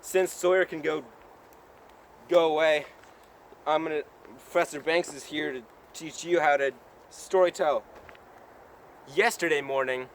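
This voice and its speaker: A young US vlogger records himself on a handheld camera while outdoors on a forest trail, narrating a rambling comic tale in a mock-serious way. His voice is a little high and fairly bright, with a little hiss or hum underneath.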